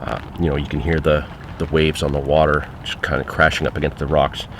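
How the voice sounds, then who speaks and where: Low-voiced guy telling a fishing story, chatty with lots of uh's, faint outdoor noise behind. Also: level tone, fairly quick. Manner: conversational, frequent fillers. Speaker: angler recounting a trip. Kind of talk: casual spoken anecdote.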